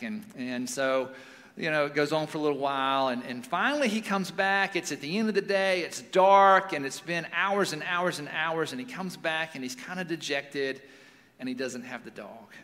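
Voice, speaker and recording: A man in his forties, a pastor giving a sermon in a relaxed, storytelling way with casual fillers. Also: on the high side. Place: church sanctuary. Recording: long reverb of a large hall.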